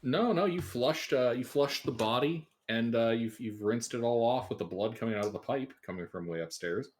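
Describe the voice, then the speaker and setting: A man's voice: mid-range voice, normal speed. A man running a tabletop game as game master, in an easygoing way.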